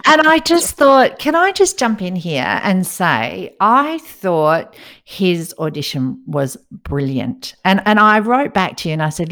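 A woman's voice: medium pitch, very animated, slow, fairly bright tone. A woman from Australia co-hosting a podcast in casual chat, laughing often as she tells stories. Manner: chatty, laughs often, storytelling. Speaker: podcast co-host.

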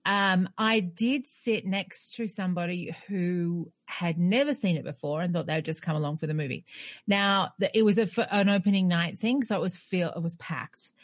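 A woman's voice: on the low side, normal speed, no room sound. Opinionated woman, dry close sound. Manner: opinionated, argues her point with laughs. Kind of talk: casual chat.

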